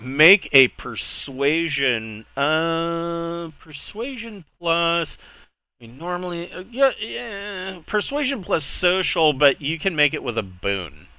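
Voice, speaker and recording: Bright, slow-talking male game master. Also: a little high, lively intonation, smooth, rough recording. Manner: halting, full of uh and restarts. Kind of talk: narrating a tabletop game.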